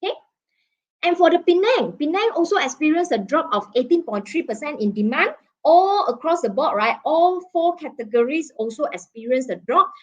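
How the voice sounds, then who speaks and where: A woman's voice: high-pitched, sing-song, moderate pace. Malaysian woman presenting, dull lo-fi audio. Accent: Malaysian English. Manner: frequent "okay?" and "right?" checks, many fillers. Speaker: property market presenter. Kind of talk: webinar presentation.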